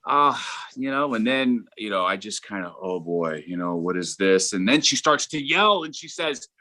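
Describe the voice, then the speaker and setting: A middle-aged man doing a stand-up comedy set, rambling and halting, with lots of fillers and restarts. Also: fairly low pitch, animated, sharp tone.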